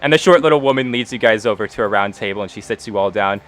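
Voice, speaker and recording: A man's voice: lowish voice, quick pace, fairly bright tone, faint music behind. A man narrating a tabletop game as game master, in a laid-back, chatty way.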